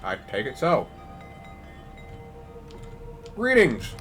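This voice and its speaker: Man, let's play host, casual offhand commentary, lively pitch. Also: brisk, soft background music. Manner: casual, offhand, muttering to himself.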